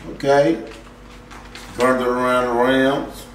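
A man's voice: medium pitch, flat delivery, slow. Man, vlog food taster, laid-back, approving murmurs, roomy echo, faint noise. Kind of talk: casual chat. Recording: roomy, distant mic, faint room noise.

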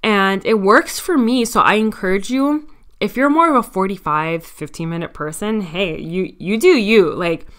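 A woman's voice: mid-range voice, normal speed, a bit bright. A woman with a Miami accent hosting her own podcast, talking in a chatty, candid and self-mocking way. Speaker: podcast host. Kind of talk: casual solo podcast talk.

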